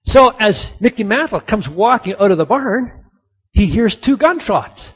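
A man's voice: high-pitched, animated, measured pace, slightly rough. A man preaching a sermon, telling a story and repeating key points for emphasis, in a dull lo-fi recording. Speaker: pastor.

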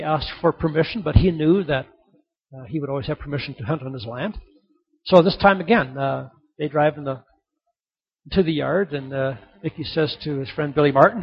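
A male pastor preaching a sermon. He tells stories and repeats his key lines for emphasis. His voice sits high and husky, and the recording is dull and lo-fi.

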